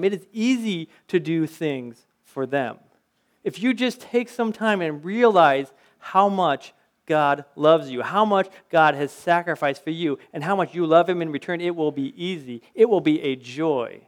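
High-voiced man preaching conversationally. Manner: conversational preaching, anecdotes, rhetorical questions. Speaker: pastor. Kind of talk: sermon.

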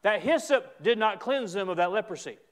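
A man preaching a sermon as a pastor, emphatic, with repeated restarts and stretches where he rises to a shout. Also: high voice, animated, normal speed.

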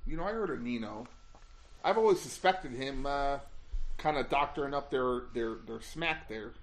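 A man's voice: medium pitch, lively intonation, normal speed, lightly acted. A man voicing a blunt, violent male vampire hunter in a put-on Chicago accent during a tabletop game. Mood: gruff. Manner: blunt, tough-guy talk.

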